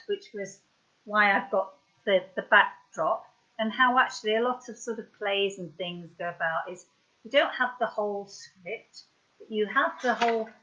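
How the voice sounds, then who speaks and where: A woman's voice: mid-range voice, bright, forceful tone, highs cut off. A woman hosting an online craft session, chatting casually and rambling through her demonstration. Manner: chatty, rambling, often restarts. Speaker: craft workshop host. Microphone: video call webcam.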